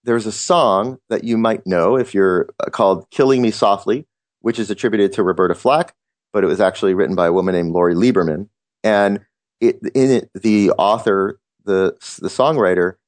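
Podcast host, man, lowish voice, earnest and reflective, dry close-miked sound. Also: normal speed, dry recording. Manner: earnest and reflective, with frequent restarts. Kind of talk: motivational podcast monologue.

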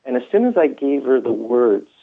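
A man's voice: mid-range voice, very animated, normal speed, creaky. A man telling his story in a rambling way, with many fillers and restarts, heard through a phone line. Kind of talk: first-person storytelling.

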